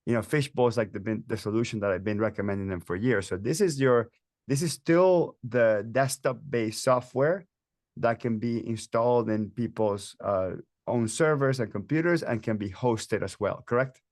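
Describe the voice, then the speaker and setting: A man's voice: medium pitch, moderate pace, a little mellow, dry recording, clean studio sound. A man hosting a webinar interview, enthusiastic and chatty, with frequent restarts and fillers. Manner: enthusiastic, talks in bursts with many restarts and fillers. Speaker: host.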